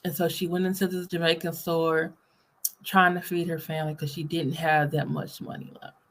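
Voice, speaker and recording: A woman's voice: low-pitched, little pitch movement, moderate pace, a bit bright. A woman hosting a casual reaction video, chatting to her viewers while talking around new braces. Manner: chatty, apologetic about fresh braces affecting speech. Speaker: reaction channel host.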